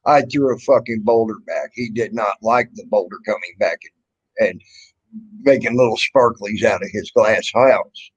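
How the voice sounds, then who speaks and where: A man's voice: on the low side, moderate pace, breathy edge. A man hosting a casual livestream chat, blunt and profane, rambling with lots of fillers. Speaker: livestream host. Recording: dull lo-fi stream audio.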